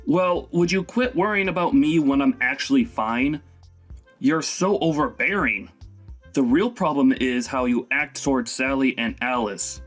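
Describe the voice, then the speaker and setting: Brief: man as a stern young son, indignant, mid-pitched. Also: unhurried, soft background music, close to an everyday voice. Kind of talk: animated story voice acting.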